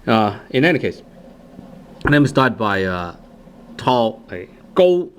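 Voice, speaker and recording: A man teaching a language lesson, hesitant, with many fillers, repeating words slowly for practice. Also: on the low side, expressive, a bit bright, slight background noise.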